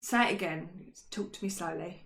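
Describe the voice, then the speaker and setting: Over crowd noise, a woman with a lowish, creaky voice talks at a normal speed. She co-hosts a laid-back history podcast, chatting, poking fun at herself, and filling gaps with frequent ums, all in a roomy, echoing space.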